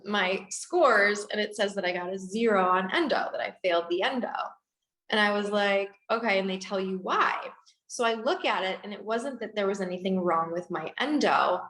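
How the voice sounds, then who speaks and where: A woman dentist in her forties telling a long story in an interview, animated, laughing, acting out the people she quotes. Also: medium pitch, a little slow, echoey room, poor audio. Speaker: dentist guest.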